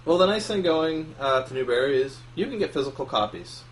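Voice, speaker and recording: A man's voice: a little high, animated, fairly quick, slight background noise, rough recording. A man co-hosting a casual podcast with wry, teasing remarks. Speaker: podcast co-host. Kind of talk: casual chat.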